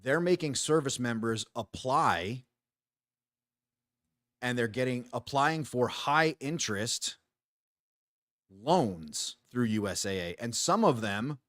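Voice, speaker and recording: A man's voice: mid-range voice, animated, takes it slowly, long pauses, fairly bright tone, no echo, studio quality. A retired Army veteran man in his forties hosting a casual talk show, blunt and profane, often restarting his sentences. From United States. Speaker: podcast host. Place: small home studio.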